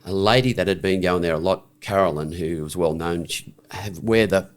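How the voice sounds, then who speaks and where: Here's a low-pitched, middle-aged man from Australia talking at normal speed as a podcast guest. His storytelling is conversational, frank and blunt, full of restarts and habitual "right?" checks.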